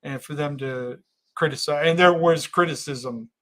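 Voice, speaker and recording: Earnest halting man, slightly high voice. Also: fairly bright tone. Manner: halting, earnest, frequent restarts. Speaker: livestream host. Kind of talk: casual livestream chat reading viewer comments.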